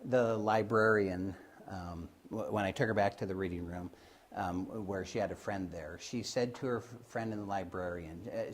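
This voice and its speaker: A man's voice: low voice, a little hiss or hum. A man telling stories from his healing work in a loose, hesitant way, with many fillers and restarts, and acting out the voices of the people he quotes. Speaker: Christian Science healer telling of his work. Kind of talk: informal storytelling talk.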